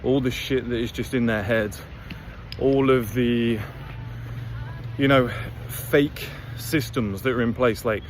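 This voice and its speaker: A man's voice: mid-range voice, steady tone, slow, a little hiss or hum. A man giving a blunt, rambling, profane motivational monologue to camera as host of his own channel. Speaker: motivational vlogger.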